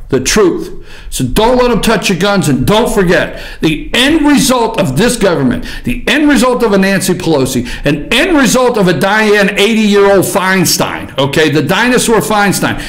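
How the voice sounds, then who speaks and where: A man hosting a show, delivering a combative political commentary monologue that swings between shouting and muttering. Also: high-pitched. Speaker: host.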